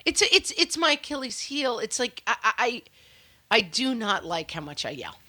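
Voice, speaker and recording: A woman's voice: a little high, very animated, moderate pace, sharp tone, dry recording. A woman in her thirties, a podcast co-host chatting casually in a wry, self-mocking and playfully dramatic way. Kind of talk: casual chat.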